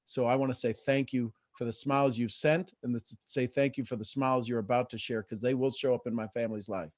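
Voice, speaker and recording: A middle-aged man hosting a live motivational coaching call, lively and acting out quoted voices. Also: medium pitch, a little fast. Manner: animated, acts out quoted voices. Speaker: host and coach.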